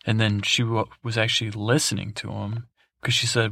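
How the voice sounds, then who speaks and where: A man's voice: lowish voice, flat delivery, brisk, gravelly, fairly bright tone. A man hosting a sleep podcast, recapping in a meandering, digressive way full of fillers and restarts. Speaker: podcast host.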